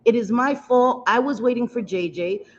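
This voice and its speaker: A woman hosts a casual makeup livestream, chatting at length while doing her makeup and greeting viewers with pet names in a rambling, self-mocking way. Her voice is a little high at a normal speed, and the slightly dull lo-fi livestream audio carries slight background noise.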